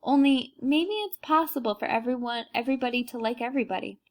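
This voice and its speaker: A woman's voice: a little high, quick pace, a little mellow, close to an everyday voice. A woman reading aloud and voicing a brave young boy, speaking earnestly.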